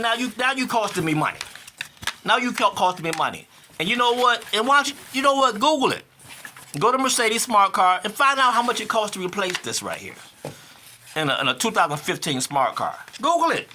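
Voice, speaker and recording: Animated man in his fifties, bright-voiced. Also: high voice, slight background noise. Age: 50s. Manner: animated, repeats himself for emphasis; rising to indignant outbursts. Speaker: vlogger. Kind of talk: casual vlog monologue.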